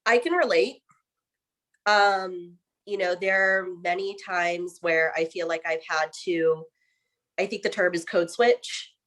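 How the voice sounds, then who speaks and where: A woman's voice: fairly low pitch, fairly even intonation, slow, fairly bright tone. A woman speaking as a guest in a casual discussion, earnest and reflective.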